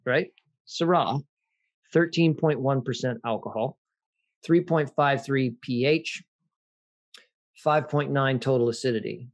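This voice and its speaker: A man's voice: medium pitch, measured pace, pauses often. Man hosting a wine tasting. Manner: explanatory, conversational, addresses listeners. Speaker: host.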